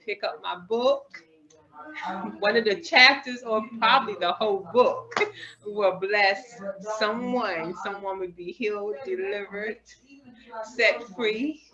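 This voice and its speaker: A woman from Maryland with a Southern accent, a guest author speaking softly and earnestly in a casual interview. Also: mid-range voice, takes it slowly. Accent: Southern American. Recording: dull lo-fi audio with crowd noise.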